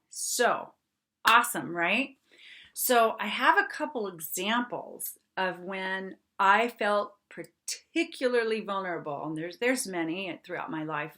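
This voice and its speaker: Speaking at a medium pitch, the middle-aged podcast host shares a personal tale with lively chatter, plenty of laughter, and frequent check-ins with her audience.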